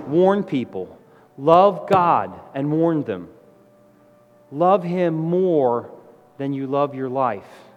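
A middle-aged man preaching a sermon with emphatic delivery, his voice rising to loud exclamations. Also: fairly high pitch, lively intonation, drawn-out words, lo-fi sound. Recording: long hall reverb.

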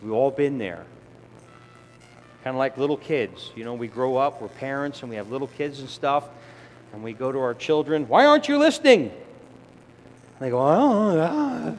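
A man's voice: mid-range voice, moderate pace, long pauses, darkish tone, slight background noise. Male preacher in a reverberant hall. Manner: conversational, acts out voices of sinners and children. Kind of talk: sermon. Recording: long hall reverb, faint ambience.

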